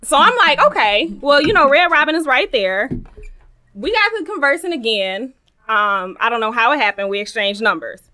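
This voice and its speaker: A lively young woman with a bright, fairly high voice co-hosts a podcast, telling stories in casual chat at a normal speed. She's animated and acts out the quoted dialogue.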